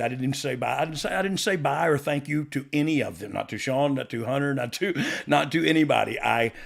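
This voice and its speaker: A gravelly man in his fifties rambles through a story with a middle-pitched voice, stopping to laugh and restarting his sentences. He hosts a casual talk show. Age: 50s. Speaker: podcast host and former wrestler.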